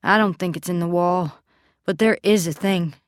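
Steady and measured, a female audiobook narrator with a fairly low voice relates a story in the first person. Recorded close and dry as in a studio booth, the voice stands alone without any room sound.

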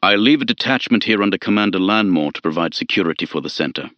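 A self-assured male general speaks slowly in a low, steady voice, as a man reads him in an audiobook. The sound is dry and dull, like lo-fi audio. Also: dry recording. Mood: confident. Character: confident male general, dismissive and commanding. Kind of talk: audiobook character voice.

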